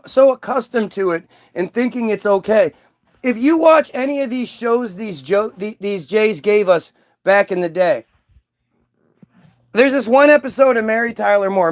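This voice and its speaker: A man hosting a livestream, ranting casually to his chat in a heated, profane way with many restarts. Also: high voice. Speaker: livestream host. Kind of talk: casual rant to a live chat.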